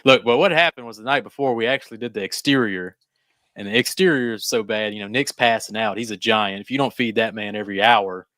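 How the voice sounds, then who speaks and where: Male co-host, low voice, easygoing rambling talk, dry close mic. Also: a little fast, a bit bright, no echo. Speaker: podcast co-host, detailer. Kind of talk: casual chat.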